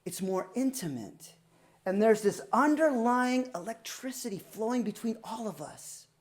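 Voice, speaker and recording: A woman tells a personal story as a performance, dramatic and lively. She rises to loud, excited peaks and drops to hushed, near-silent passages. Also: a little high, a little slow. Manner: animated, dramatic, swings between loud and hushed. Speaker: student storyteller.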